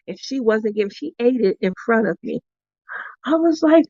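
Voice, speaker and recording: A woman with a high voice tells a story casually to her craft channel viewers, acting out each line of dialogue with sudden jumps in pitch. She laughs often and sounds animated throughout. The recording is close and dry, with slightly muffled, lo-fi sound. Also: a little fast, no room sound.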